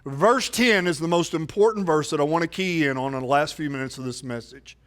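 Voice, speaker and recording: A man's voice: on the high side, brisk, fairly bright tone. A man preaching a sermon as pastor, telling a story and acting out the quotes with rising emphasis.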